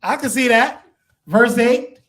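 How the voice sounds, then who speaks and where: A man's voice: very high voice, takes it slowly, a bit bright. A man teaching a congregation through a scripture lesson, asking the class questions and acting out the people in the text.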